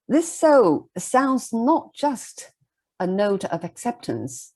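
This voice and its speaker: Slow, animated woman lecturing on poetry. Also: medium pitch. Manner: measured, explanatory, checks in with "okay?". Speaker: literature lecturer. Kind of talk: recorded lecture close-reading a poem.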